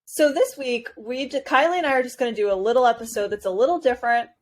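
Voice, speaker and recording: A woman's voice: fairly high pitch, quick pace. A woman co-hosting a podcast from Hawaii in a casual chat, bubbly and giggly with frequent exclamations. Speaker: podcast co-host.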